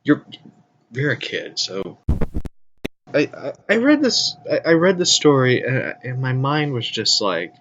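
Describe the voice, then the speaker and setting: A man's voice: medium pitch, very animated, unhurried, a bit bright, highs cut off, a little hiss or hum. A man rambling casually through news and geek topics, loose and profane, with frequent restarts. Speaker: vlogger.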